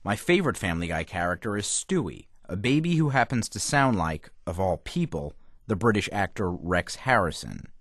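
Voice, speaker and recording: A man giving a scripted TV review on radio, wry and emphatic. His voice sits low but moves a lot in pitch. The sound is dry and close. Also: big pitch swings, normal speed, fairly bright tone, no room sound. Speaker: TV critic.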